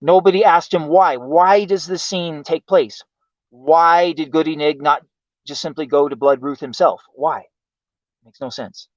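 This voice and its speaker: A man with a fairly high voice rants in exasperation, swearing constantly and demanding why over and over. The sound is dry and close, with the dull lo-fi tone of a home stream. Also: unhurried, no echo. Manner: profane, exasperated, repeatedly asking why. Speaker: livestream host. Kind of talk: ranting commentary. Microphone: home streaming mic.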